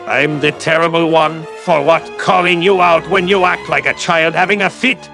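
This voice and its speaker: A man's voice: a little high, fairly even intonation, moderate pace, creaky, few pauses, over music. A man giving a sarcastic, condescending callout commentary as a YouTube commentator.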